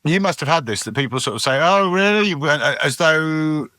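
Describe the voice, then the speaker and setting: Middle-aged comic guest, bright punchy voice, dry close sound, chatty anecdotal delivery full of restarts. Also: male voice, fairly high pitch, brisk, dry recording. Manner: animated, rambling, many restarts and acted asides. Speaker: podcast guest, comedian. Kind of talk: casual chat, anecdotal storytelling.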